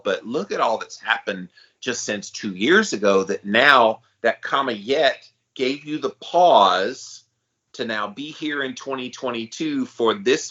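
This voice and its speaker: An energetic man co-hosts a podcast, chatting casually with his best friend in a bright, forward, mid-range voice. Calling himself the hype guy, he sounds upbeat, enthusiastic and encouraging. The recording is slightly dull and lo-fi.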